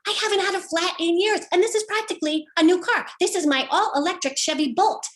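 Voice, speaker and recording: A woman's voice: extremely high pitch, fast, fairly bright tone. A middle-aged woman performing a personal story with wry, dry humor, slipping into quoted voices now and then. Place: home, online show.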